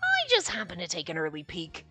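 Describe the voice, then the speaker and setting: A woman reading a calm, wry, teasing young man's lines aloud in a lowered, matter-of-fact voice. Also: a little fast, husky, dry recording, soft background music, full character voice. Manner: low, even, matter-of-fact.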